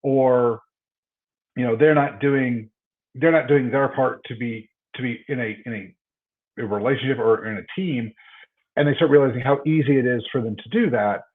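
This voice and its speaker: A middle-aged man with a mild Texan accent talks through a tinny, phone-like line. He is a guest in a casual podcast chat, mid-pitched, telling stories with frequent restarts and repeated words. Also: moderate pace. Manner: storytelling, many repeated word starts. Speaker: chiropractor guest.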